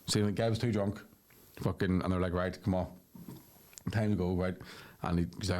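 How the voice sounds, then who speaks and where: A man co-hosts a casual podcast, telling a pub story in a low voice. He swears freely and keeps checking in with his listener. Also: fairly quick, pauses often. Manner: relaxed storyteller, frequent swearing and "right?" asides. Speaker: podcast co-host. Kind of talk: casual chat.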